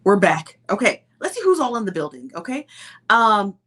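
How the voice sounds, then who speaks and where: A woman's voice: medium pitch, very animated, moderate pace, a bit bright. A woman hosting a casual livestream, chatty and greeting viewers one by one with easy laughs. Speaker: livestream host.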